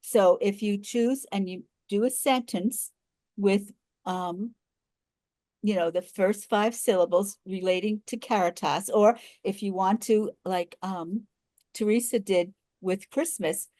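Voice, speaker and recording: An older woman facilitating a group video call, gently explaining and repeating instructions. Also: medium pitch, fairly even intonation, slow pace, no room sound.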